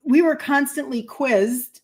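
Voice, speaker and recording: A woman in her fifties hosts a casual livestream and tells a rambling personal story. Her voice sits fairly high, and she keeps pausing to thank viewers for their comments. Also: a little mellow. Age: 50s. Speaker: health coach hosting a livestream.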